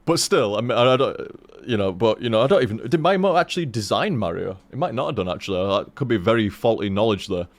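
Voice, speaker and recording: Give me an animated, swearing man rambling on a stream. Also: lowish voice, quick pace, hardly any pauses. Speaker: game streamer. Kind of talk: casual rambling stream chat.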